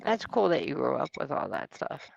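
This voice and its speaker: Male co-host, very gravelly, short casual remarks, lo-fi sound. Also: fairly high pitch, expressive, normal speed, slight background noise. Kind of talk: casual chat. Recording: dull lo-fi stream audio.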